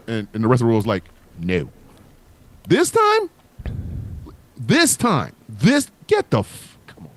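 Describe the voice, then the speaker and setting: A man hosting a casual livestream chat, talking in an animated, profane way and riffing with comic voices. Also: mid-range voice, measured pace. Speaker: host.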